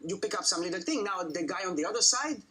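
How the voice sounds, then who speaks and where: A man from London, an actor answering interview questions in a halting way, often repeating words. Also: sits high, expressive, over a noisy crowd, low-quality recording. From London, England. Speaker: actor guest.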